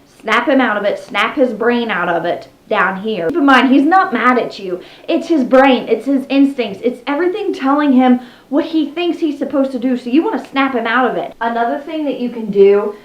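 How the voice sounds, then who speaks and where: Speaking at a normal speed in a slightly high voice, a woman explains parrot taming in her home vlog, breaking off to coo at the birds around her. Her tone is casual and cheerful, and the audio is roomy and a bit muffled.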